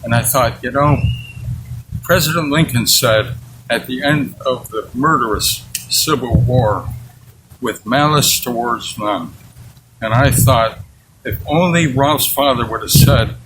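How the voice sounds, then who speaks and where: A man's voice: mid-range voice, slow, background noise. A man in his eighties recounts a personal memory in an interview, earnest and candid, acting out the dialogue he remembers. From United States. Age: 80s. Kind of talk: personal storytelling.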